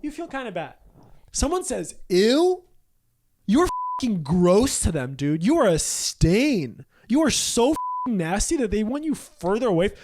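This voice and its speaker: A man co-hosting a podcast, chatting casually in a crude, joking way and quick to laugh. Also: sits high, sing-song, a little mellow, a little hiss or hum. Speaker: podcast co-host. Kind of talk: casual comedic debate chat.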